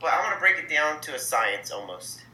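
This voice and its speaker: A man's voice: on the high side, sing-song, a little fast, bright, forceful tone. A man hosting a training lesson, explaining step by step in an upbeat coaching manner and acting out sample exchanges. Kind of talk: instructional talk to camera. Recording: echoey room with faint ambience.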